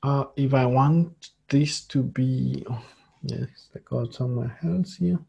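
Slow, gravelly male lecturer. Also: mid-range voice, warm tone. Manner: slow, halting, many fillers. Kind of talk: screen-share coding tutorial.

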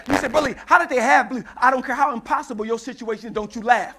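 A man preaching a sermon in church, acting out Bible dialogue in call-and-response style and building into shouts. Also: very high-pitched, very fast, vocal fry, few pauses. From United States.

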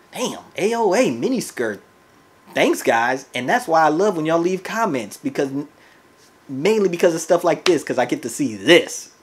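A man hosting a reaction video, chatting excitably to his viewers with laughing asides. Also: on the high side. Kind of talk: casual reaction commentary. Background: music video playing faintly.

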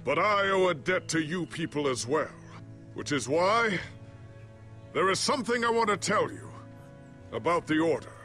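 A man's voice: a little high, expressive, moderate pace, long pauses, sharp tone, soft background music. An actor playing a proud older male warrior hero in a video game, speaking in a solemn, confessional way.

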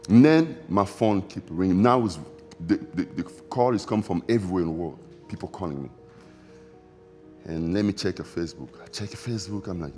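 A man, an interview guest recalling events in a halting, reflective way, repeating phrases with loose grammar. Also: low-pitched, a little mellow, soft background music. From Democratic Republic of the Congo. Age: 40s. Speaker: interview guest, former basketball player. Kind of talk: emotional recollection in a sit-down interview.

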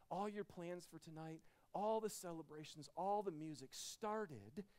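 A man in his thirties preaching a Christmas sermon in a church, telling a personal story with animated swings between loud, excited passages and hushed, quiet ones. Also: a little high. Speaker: pastor.

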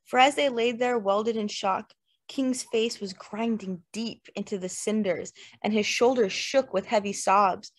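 A woman narrating a literary novel in the first person, measured and lyrical. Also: mid-range voice. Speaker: audiobook narrator. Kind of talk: literary fiction reading.

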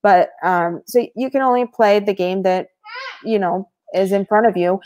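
A woman as a podcast guest, telling stories in a casual, animated way with frequent laughter. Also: mid-range voice, normal speed. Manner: animated, laughs often mid-story, many fillers. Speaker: podcast guest, former reality show contestant. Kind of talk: casual storytelling chat.

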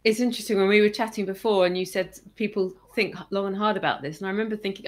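A woman's voice: medium pitch, fast talker. Enthusiastic woman podcast guest. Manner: enthusiastic, reflective. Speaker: guest, coaching psychologist. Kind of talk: podcast interview.

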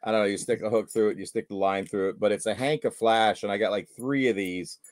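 A man's voice: on the low side, fairly even intonation, fast. A man sharing tips and stories in a casual live-stream chat, often repeating little catchphrases. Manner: storytelling, repeats catchphrases like "there you go". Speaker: guest angler.

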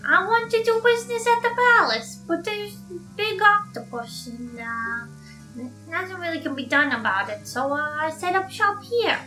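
A woman voicing a scheming male plant-creature merchant cast as a mob boss, reading game text with a salesman's pitch. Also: expressive, normal speed, pushed and bright, echoey room, distant mic, faint music behind, full character voice. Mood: salesy. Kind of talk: let's play voice acting of game text.

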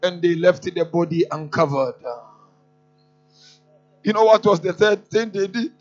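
A man's voice: high-pitched, unhurried. A man preaching an impassioned, mournful sermon in a mosque, often prompting his listeners with a questioning "huh?". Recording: dull lo-fi with faint music.

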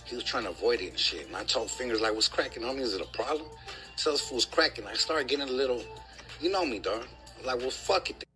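A man's voice: mid-range voice, animated, fast, sharp tone, soft background music, low-quality recording. A man telling a story in casual slang, quoting the other people in it. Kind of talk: recounting a story in a clip.

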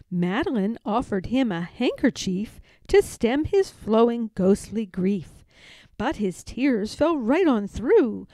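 A woman reads a rhyming children's picture book aloud, her rhythmic delivery slow and unhurried. Her voice is mellow and rather high, with a lively sing-song rise and fall. The recording is dry and close. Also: no echo. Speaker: storybook reader.

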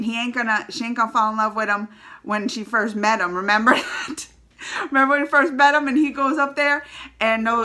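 Bright, animated woman reviewing a movie. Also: a little high. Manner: animated, acts out scenes with rising excitement. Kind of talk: casual reaction chat.

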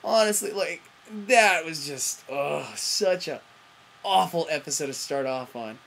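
A woman with a deep, creaky, animated voice speaks unhurriedly as she rants in a TV review vlog. Profane and rambling, she often breaks off mid-sentence and fills the gaps with fillers and self-interruptions.

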